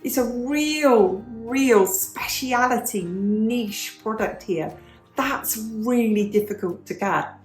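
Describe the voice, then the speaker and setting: A woman's voice: on the high side, slow pace, roomy sound, faint music behind. A British woman in her fifties chatting in a vlog, explaining things patiently like a former teacher and repeating key points. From United Kingdom. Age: 50s. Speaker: vlogger, former English teacher. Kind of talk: casual question-and-answer chat.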